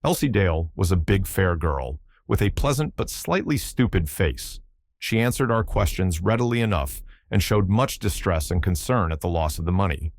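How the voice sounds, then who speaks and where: A man narrating a classic mystery audiobook in a measured, even way. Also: low voice, no echo, clean studio sound. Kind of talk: scripted narration.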